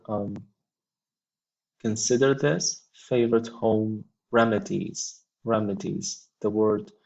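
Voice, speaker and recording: Slow gravelly man teaching a lesson. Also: fairly low pitch, darkish tone, dull audio. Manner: slow explanations with frequent ums. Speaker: English teacher. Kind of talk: textbook lesson with read-aloud dialogue.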